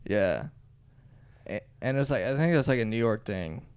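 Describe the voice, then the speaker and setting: A man's voice: medium pitch, animated, normal speed, clear, resonant tone. Rambling, laughing podcast co-host man. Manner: rambling, laughs often, trails off quietly. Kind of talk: casual chat.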